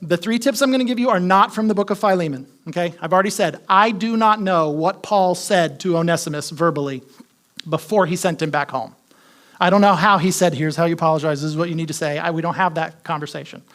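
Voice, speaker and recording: A man's voice: on the high side, quick pace, a bit bright. A man preaching a sermon as pastor, talking conversationally, asking the congregation questions and repeating his key points.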